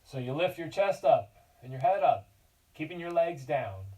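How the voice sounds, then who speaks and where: A man's voice: fairly high pitch, expressive, moderate pace, dark tone, far from the mic, rough recording. A man teaching a yoga class for children, giving cues in an encouraging, playful way and chatting to his dog between poses. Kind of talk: guiding a kids yoga class.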